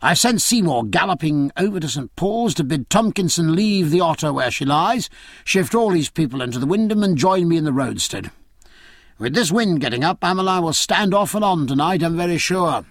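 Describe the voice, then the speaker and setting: Hearty sea captain, barking orders, read by a man, husky and lively. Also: on the high side, no room sound, studio quality, voice pushed up. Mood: confident. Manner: commanding, brisk, loud when ordering.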